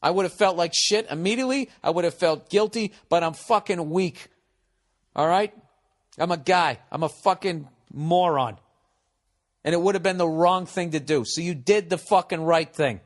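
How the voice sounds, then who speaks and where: A man's voice: sits high, moderate pace. A middle-aged man hosting a podcast, giving blunt, profane, rambling advice in a casual comedic monologue.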